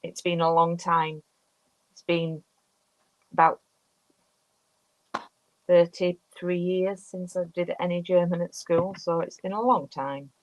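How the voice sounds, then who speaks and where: A woman's voice: fairly low pitch, steady tone, slow, pauses often, low-quality recording. A woman in her fifties from the UK, chatting casually as she demonstrates card making and reads out viewer comments. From United Kingdom. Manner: chatty, talks through each step while working. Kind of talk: casual live crafting chat.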